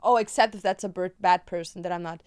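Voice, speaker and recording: A woman's voice: fairly low pitch, steady tone, fast talker, darkish tone, smooth. A young woman whose first language is German, chatting casually and playfully while crafting on a stream.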